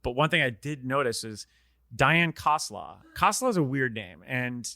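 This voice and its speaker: Bright-voiced man hosting a book podcast. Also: medium pitch, big pitch swings, moderate pace, dry recording. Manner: rambling, restarts, swears casually. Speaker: podcast host. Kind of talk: casual book discussion.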